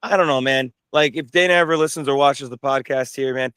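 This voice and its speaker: A man's voice: mid-range voice, fairly quick, a bit bright, clean tone, no echo. A young man, a fighter being interviewed, talking casually with many restarts and fillers. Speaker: bare-knuckle fighter, interview guest.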